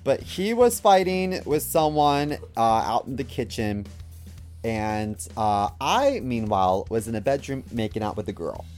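Young guy, casual storyteller, lively pitch, rambles with fillers, soft music behind. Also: a little slow. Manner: rambling, lots of fillers and quoted dialogue.

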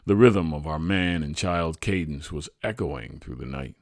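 A man reading his own true childhood story aloud in a measured, reflective way. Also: a bass voice, lively intonation, dry recording, clean studio sound. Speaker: storyteller, podcast host.

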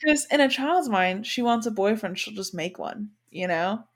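Chatty woman co-host, mid-pitched voice. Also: lively intonation, moderate pace. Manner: chatty, filler-heavy, speculative. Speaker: podcast co-host. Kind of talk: casual recap chat.

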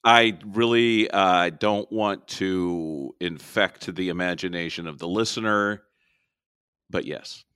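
A man co-hosting a casual podcast with dry, deadpan humor. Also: low-pitched, slow pace, clear, resonant tone, dry recording. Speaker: podcast co-host. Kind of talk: casual chat.

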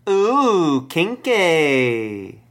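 A man hosting a podcast and running a game segment, talking in a halting, dry way with many fillers. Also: on the high side, sing-song. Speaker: podcast host.

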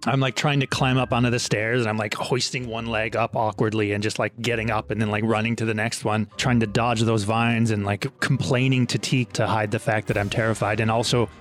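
A man's voice: on the low side, brisk, few pauses. Flustered man playing his character. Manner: animated, flustered in-character talk. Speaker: player. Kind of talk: playing a character in a tabletop game.

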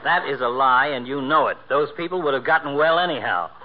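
A man's voice: mid-range voice, fairly quick, heavy background noise, close to an everyday voice. An actor playing a sarcastic, wisecracking male town doctor in 1940s radio comedy, tossing out insults. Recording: muffled old radio transcription.

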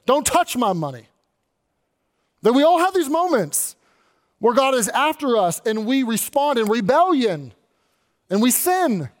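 A man with a fairly high speaking voice delivers a sermon as the church's pastor. He preaches with energy and briefly slips into the voices of the people he quotes. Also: very animated, unhurried.

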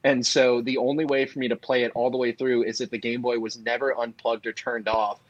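A young man co-hosting a casual podcast chat, animated and quick to jump in. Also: medium pitch, no echo, dull audio. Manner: animated, jumps in and interrupts. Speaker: podcast co-host.

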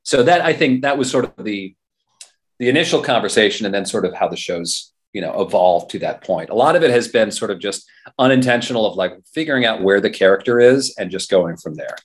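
A low-voiced man talks as an interview guest in a loose, rambling way. He circles back and restarts his thoughts often. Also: animated, fairly quick. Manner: rambling, many restarts and fillers. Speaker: guest, radio journalist and fair performer. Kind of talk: casual interview talk.

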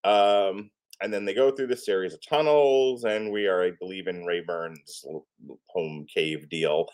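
A man's voice: low-pitched, measured pace, darkish tone. A man co-hosting a podcast, reviewing a comic book in casual, joking chat and playfully teasing his co-host.

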